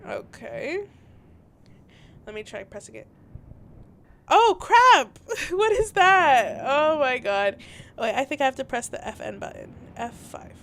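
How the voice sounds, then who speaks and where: A woman's voice: high-pitched, takes it slowly, creaky, long pauses, slight background noise. Giggly young woman playing a game. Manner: giggly, animated, reads game text aloud. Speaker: gaming channel host. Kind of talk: let's play commentary.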